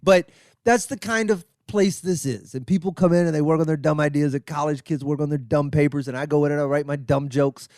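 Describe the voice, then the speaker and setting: A man's voice: fairly quick, no echo, studio quality. A middle-aged man and comedian host telling a self-mocking, profane story, acting out the voices of the people in it. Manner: animated, acts out quotes with big pitch jumps. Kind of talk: storytelling monologue.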